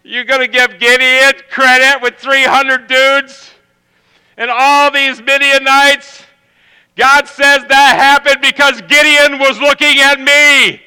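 A man preaching a sermon as pastor, swinging from loud emphatic calls to hushed low passages. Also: long reverb tail, rough recording.

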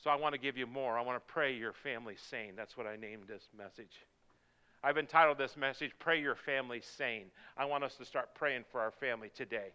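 A man preaching a sermon, swinging from hushed, slow prayer to shouted appeals. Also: mid-range voice, clear, resonant tone, muffled recording. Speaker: pastor. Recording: long hall reverb.

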